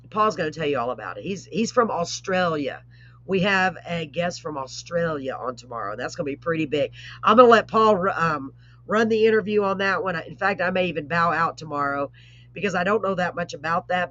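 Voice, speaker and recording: A woman hosting a live online show, chatting casually with rambling asides and warm blessings. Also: lowish voice, animated, moderate pace. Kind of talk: casual live-stream chat. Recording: dull lo-fi stream audio.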